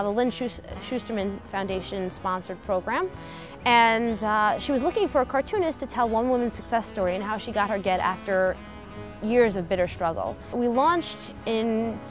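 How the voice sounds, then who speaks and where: A young adult woman cartoonist speaking in an interview, upbeat and earnest. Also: medium pitch.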